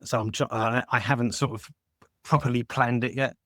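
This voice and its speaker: A man's voice: medium pitch, steady tone, normal speed, a bit bright, no room sound, clean studio sound. A man joining a podcast as a guest, talking casually in an eager, rambling way with many restarts. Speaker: guest caller. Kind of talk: casual chat.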